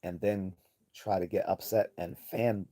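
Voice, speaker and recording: A man's voice: deep voice, fairly even intonation, measured pace, warm tone. A man hosting a livestream, giving blunt, profane, rambling commentary and reading chat messages aloud. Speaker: livestream host.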